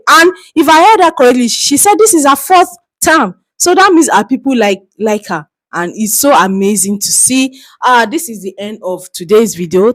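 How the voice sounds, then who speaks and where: A woman vlogger commenting on a clip in an animated way. She laughs often and exclaims as she talks. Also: mid-range voice. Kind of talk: reaction video commentary.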